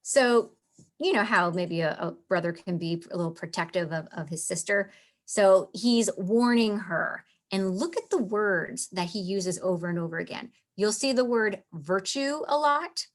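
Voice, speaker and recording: A woman explaining a text in a relaxed, chatty teaching style. She reads passages aloud and then unpacks them in everyday words. Her talk is full of fillers such as "like". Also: medium pitch, normal speed. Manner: chatty, reads lines aloud, says "like" often. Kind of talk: casual explanatory lesson.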